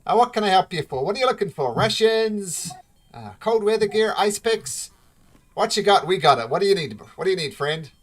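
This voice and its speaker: A game master voicing a bossy, folksy female dwarf shopkeeper, pitched up from their own voice. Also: expressive, a little fast, close to an everyday voice. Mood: brisk. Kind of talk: tabletop role-play voice.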